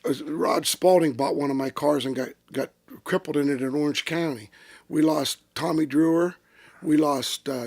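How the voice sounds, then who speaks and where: As a guest in a casual interview, an older retired racing driver animatedly tells salty racing stories full of profanity. His pitch is fairly high, and the close-miked studio recording is dry with no room sound.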